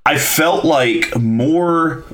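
A man's voice: on the high side, extremely slow, echoey room. A man hosting a podcast in casual chat, telling stories with dry humor. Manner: lively storyteller, dry humor. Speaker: podcast host.

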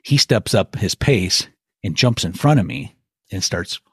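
A middle-aged man, a guest, telling a hunting story in a folksy, animated way and acting out quotes. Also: low-pitched, a little slow, slightly rough, no echo, clean studio sound. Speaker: guest elk hunter.

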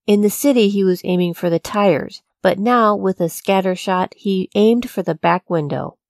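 A woman narrating a true-crime story from a script, in a measured, even storytelling delivery. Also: mid-range voice, creaky, dry recording, clean studio sound. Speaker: podcast narrator.

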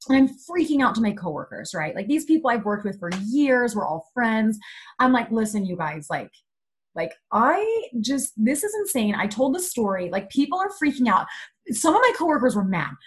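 Husky woman telling a story. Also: on the high side, normal speed. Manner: animated storyteller, many "like" fillers. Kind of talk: casual chat, storytelling.

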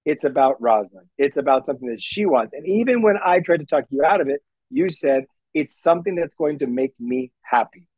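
A man's voice: on the high side, expressive, a little mellow, slightly rough, dry recording, poor audio. A man co-hosting a podcast in casual chat, protesting and laying out his points one by one. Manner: protesting, deliberate, lists points. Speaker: podcast co-host.

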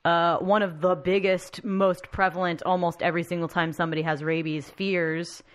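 A woman with a somewhat low voice talks casually with two friends. She runs through points in a plain, matter-of-fact way. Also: flat delivery, moderate pace. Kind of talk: casual chat.

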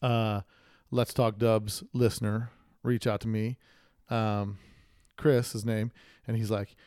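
A man co-hosting a casual car-enthusiast podcast, telling stories and acting out the people he quotes in a raised, lively voice. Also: lowish voice, takes it slowly, pauses often, smooth, no room sound, studio quality. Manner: animated storyteller, acts out quoted people in a raised voice. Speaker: podcast host. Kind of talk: casual chat.

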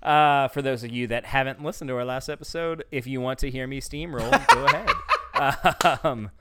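A man's voice: mid-range voice, fairly even intonation, fairly quick, heavy background noise. A man co-hosting a podcast, talking sports in a rambling, casual way with lots of "like" and swearing. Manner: rambling, swears freely, fillers like "like". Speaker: podcast co-host.

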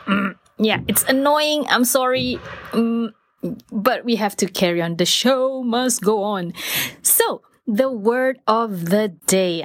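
A woman hosting a casual podcast lesson from a small home studio. She is playful and giggly and repeats phrases slowly for learners. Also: mid-range voice, no echo. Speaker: podcast host teaching language phrases.

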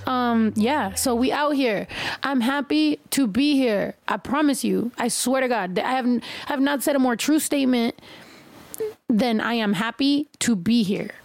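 A woman hosting a podcast in casual chat, loud and excitable, swearing freely. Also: a little high, measured pace. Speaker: podcast host. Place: podcast room.

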